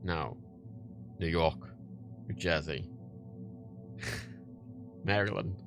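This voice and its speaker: A man's voice: sits low, very slow, music in the background. A young man with a Liverpool accent, rambling and swearing casually on a livestream while reading chat, laughing often. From England.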